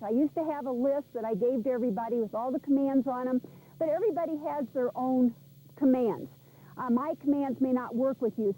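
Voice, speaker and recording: This instructional class comes from a VHS tape with poor audio: a woman animal trainer speaks casually, firmly stressing commands as she repeats them. She has a high voice with a dark tone.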